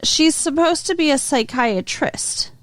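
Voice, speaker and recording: A woman co-hosting a movie podcast in casual chat, wry and teasing with quick asides. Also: high-pitched, dry recording. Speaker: podcast co-host.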